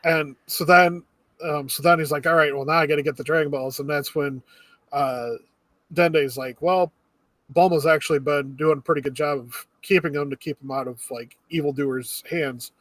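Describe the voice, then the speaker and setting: A young man with a fairly high voice recounts a movie plot in relaxed podcast chat, leaning on fillers. His voice sounds dry and close, with no room echo. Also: moderate pace. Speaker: podcast co-host. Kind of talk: casual movie review chat.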